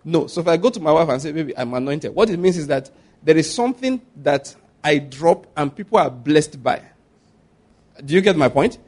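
A middle-aged man with a Nigerian accent preaching a sermon as a pastor, animated and laughing at his own stories. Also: fairly high pitch, moderate pace, husky.

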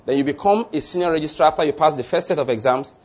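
A man with a somewhat high, husky voice preaches a sermon. He reads scripture and then unpacks it in a measured, teaching way, often pausing to ask "all right?".

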